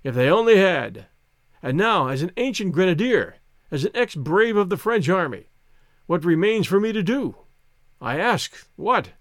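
A man's voice: high voice, very animated, moderate pace, no echo, clean studio sound. A man voicing a boisterous, crafty old male ex-grenadier in an audiobook, with an exclamatory, grandiose manner. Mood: gleeful. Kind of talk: audiobook character voice.

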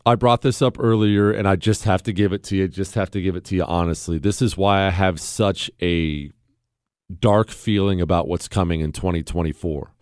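A man's voice: low-pitched, fairly even intonation, normal speed, smooth, no room sound, clean studio sound. A man hosting a talk show, delivering a combative, sarcastic opinion monologue and acting out imagined conversations. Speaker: radio talk show host.

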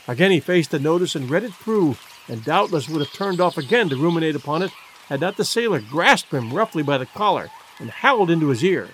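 A man narrating an adventure novel in a measured, expressive storytelling manner. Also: fairly high pitch, a little hiss or hum. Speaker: audiobook narrator. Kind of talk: scripted narration.

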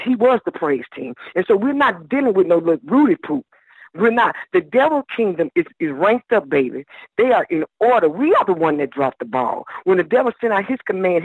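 Over a tinny phone line, a guest minister with a high, breathy-edged voice preaches fervently on a radio show, addressing listeners as "baby." The recording is dry.

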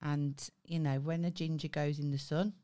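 A woman's voice: low voice, little pitch movement, normal speed, mellow. A woman with a Brummie Scouse accent co-hosting a podcast, blunt, sweary and teasing in casual chat. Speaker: podcast co-host.

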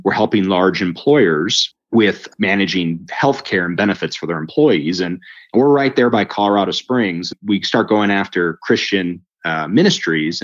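A man telling his faith story in a conversation, lively, acting out the voices of the people in it. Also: sits low, dull audio. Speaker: guest telling his testimony. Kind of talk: storytelling interview chat.

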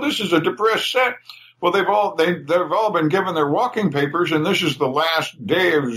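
A man's voice: a little high, pushed and bright, rough recording. An older man, a writer guest on a podcast, telling casual anecdotes with frequent laughs and repeated words. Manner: chatty storyteller, laughs often, repeats words.

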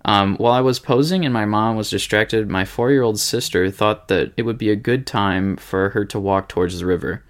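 A man's voice: on the low side, normal speed, hardly any pauses. A man with a Midwestern American accent, co-hosting a podcast and reading a listener story aloud, joking and swearing freely between lines.

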